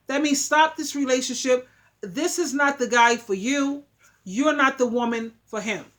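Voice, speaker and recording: A woman's voice: high voice, a bit bright. A woman giving relationship advice in a casual, opinionated monologue. She talks emphatically, like a preacher, and repeats her points for emphasis.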